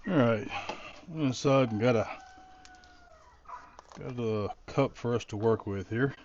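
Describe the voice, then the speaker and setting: A man's voice: medium pitch, slow pace, a little mellow, lo-fi sound, a little hiss or hum. A middle-aged man casually talking through a DIY project, thinking aloud and rambling with frequent restarts. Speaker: DIY vlogger.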